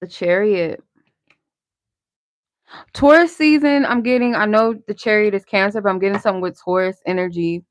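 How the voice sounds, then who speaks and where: A woman's voice: mid-range voice, moderate pace, long pauses, dry recording. A woman hosting a live tarot stream, giving casual spiritual guidance in a candid, encouraging way with some swearing. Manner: candid, conversational, salted with swearing; encouraging, motivational.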